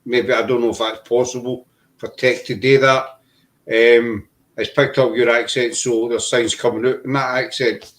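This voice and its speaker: A man's voice: mid-range voice, flat delivery, moderate pace, a bit bright. Rambling man hosting. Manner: rambling, repeats himself. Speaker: podcast host. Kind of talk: casual chat.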